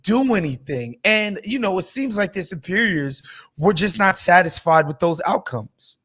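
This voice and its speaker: A man's voice: sits high, expressive, moderate pace, a bit bright, breathy edge. A man hosting a podcast in casual chat, chatty and often checking in with his listeners. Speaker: podcast host.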